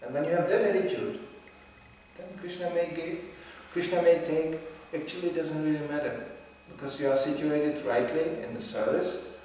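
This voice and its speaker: A man telling lively stories in a talk, acting out voices and laughing often. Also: fairly high pitch, moderate pace, a little hiss or hum. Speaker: speaker at a religious gathering. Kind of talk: storytelling talk. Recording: echoey hall, voice from far off.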